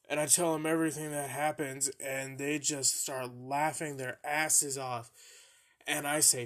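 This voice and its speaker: A young man's fairly high, fairly bright voice stays mostly even as he speaks at a measured pace on his podcast. Casually, he tells embarrassing stories on himself, cursing freely and laughing along.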